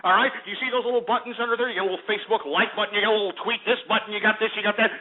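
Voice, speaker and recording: A man hosting a call-in radio show, ranting loudly and hurling insults at callers. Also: sits high, steady tone, racing, hardly any pauses. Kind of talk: abrasive call-in radio talk. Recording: lo-fi phone-quality internet radio.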